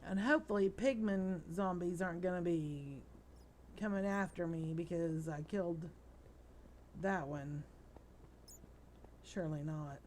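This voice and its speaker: A woman's voice: fairly low pitch, a little slow, pauses often, darkish tone, a little hiss or hum. A middle-aged woman hosting a let's play, tired and yawning as she rambles through chatty stories while she plays. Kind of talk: casual gameplay chat.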